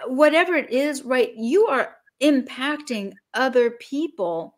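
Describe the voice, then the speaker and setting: This business coach, a woman on a podcast as a guest, brings energy and emphasis, acting out small scenarios while explaining. Her voice is a little high.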